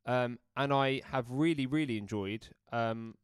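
A man's voice: medium pitch, unhurried, smooth, no echo, studio quality. Emphatic man talking football. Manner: emphatic, repeats himself as he builds a point. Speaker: podcast co-host. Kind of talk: casual football banter.

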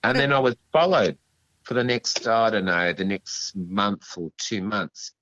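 A man being interviewed as a guest, telling a story in a halting, rambling way, full of restarts and asides. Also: on the low side, lively intonation, a bit bright, lo-fi sound.

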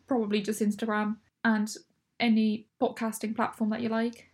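A woman's voice: on the high side, monotone, normal speed, darkish tone. A woman, co-hosting a casual book podcast and laughing often. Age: 20s. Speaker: podcast co-host. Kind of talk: casual book club chat.

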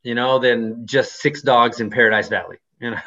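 A man's voice: mid-range voice, moderate pace, a crowd in the background. Rambling man on lo-fi audio. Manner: rambling, many "you know" fillers. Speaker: dog-running business owner. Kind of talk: casual interview talk.

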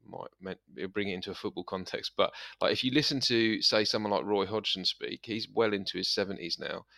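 A man with a southeast English accent, co-hosting a podcast in rambling, animated casual chat, often cutting himself off mid-sentence. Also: lowish voice, fairly quick, gravelly, no room sound, studio quality. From southeast England. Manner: rambling, animated, self-interrupting. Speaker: podcast co-host.

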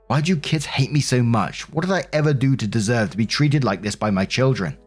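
A man's voice: medium pitch, fairly quick, breathy edge, soft background music, natural voice. A man reading the lines of a defensive, self-pitying middle-aged mother in a slightly raised, indignant voice. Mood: aggrieved.

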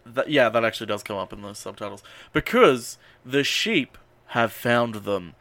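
Profane, rambling podcast recapper. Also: male voice, medium pitch, normal speed, fairly bright tone, dry recording. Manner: rambling, profane, many ums and uhs. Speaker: podcast host. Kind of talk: casual movie recap.

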